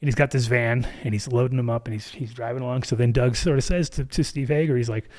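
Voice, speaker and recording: A man's voice: medium pitch, steady tone, fast, a little mellow. A man in his fifties, a podcast guest, telling a story in casual, profane speech and acting out other people's lines.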